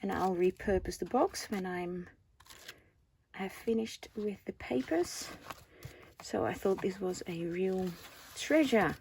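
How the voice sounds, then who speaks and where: A Dutch-accented craft vlogger in her forties, from the Netherlands, casually shows items from a haul and asks her viewers questions. She speaks slowly in a mid-range, darkish voice with vocal fry, and there is slight background noise.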